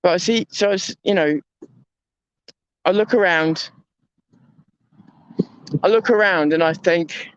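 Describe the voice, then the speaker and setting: Male vlogger, high voice, rambling reflective monologue, candid and self-deprecating, dull lo-fi recording. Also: takes it slowly, pauses often, clean tone, dry recording. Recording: dull lo-fi dry sound.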